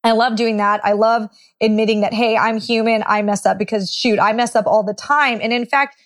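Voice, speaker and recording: A woman who invests in real estate, teaching how to talk price with sellers and acting out sample phrases in a conversational way. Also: on the high side. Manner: conversational, non-confrontational, acts out sample phrases. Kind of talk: instructional talk with role-played lines.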